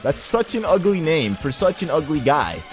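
A young man hosting a let's play, commenting on gameplay in a casual, excitable, slangy way. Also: a little high, moderate pace, soft background music.

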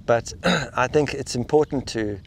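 A man being interviewed as a spiritual teacher. He speaks reflectively and haltingly, restarting and repeating words as he works through his thoughts. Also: mid-range voice, a little hiss or hum. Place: outdoors in the rain.

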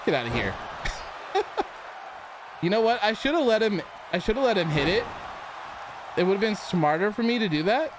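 A man with a high voice calls his game as he plays, excitable and loud in his reactions. He jokes and argues with the characters on screen. Clear noise hums under the recording. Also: normal speed, long pauses, crowd noise. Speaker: gaming channel host. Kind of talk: let's play commentary.

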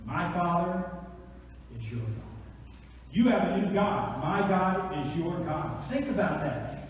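A man preaching an Easter sermon, dropping to hushed tones and then rising to excited shouts. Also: high-pitched, a little slow, a little hiss or hum. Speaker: pastor. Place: large church sanctuary. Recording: echoey church hall from far off.

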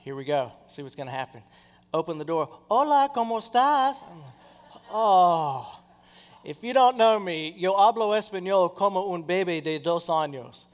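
A man preaching a sermon, telling a story in a lively way and acting out the people in it. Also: on the high side, fairly quick. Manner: animated, acts out quoted people in his stories. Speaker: pastor. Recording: long hall reverb.

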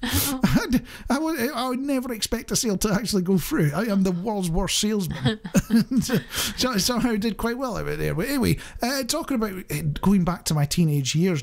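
A man's voice: high voice, very animated, a little fast, creaky, soft background music. A man co-hosting a radio show, chatting casually and joking at his own expense with a chuckle. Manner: self-mocking, chuckling, chatty. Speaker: radio co-host.

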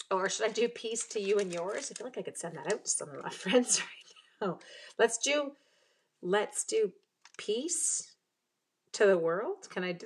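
Woman host, middle-aged, chatty live craft demo, laughs a lot while working. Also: mid-range voice. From Canada. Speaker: stamping demonstrator host.

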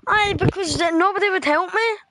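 A woman chatting casually with friends while playing a game, teasing them and bursting into excited shouts. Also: extremely high pitch, brisk. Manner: playful trash talk, bursts of excited shouting. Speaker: gamer streaming with friends. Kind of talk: casual gameplay chat. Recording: noisy background.

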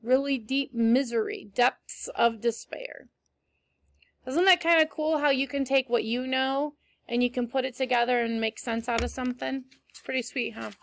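Woman teacher reading to kids, high voice w some fry, encouraging, asks lots of questions. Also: fairly even intonation, a little hiss or hum. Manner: encouraging, questioning, slow emphasis. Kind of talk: read-aloud story with teaching asides.

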